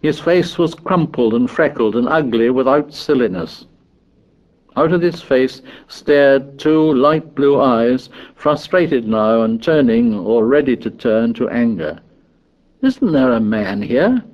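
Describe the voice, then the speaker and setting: A man narrating a novel in a measured, even storytelling voice. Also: mid-range voice, highs cut off. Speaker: audiobook narrator.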